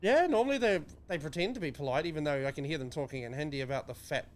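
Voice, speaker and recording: A man's voice: fairly high pitch, lively intonation, fast. A man with a New Zealand accent, ranting and joking with crude, sweary sarcasm as a podcast co-host. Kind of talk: crude casual banter.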